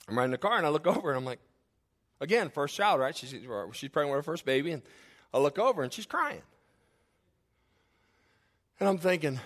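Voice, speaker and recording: A man's voice: a little high, lively intonation, fairly quick, a bit bright. A middle-aged man preaching a sermon as a pastor, telling stories with humor and speaking straight to the congregation. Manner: humorous storytelling, addresses the congregation directly.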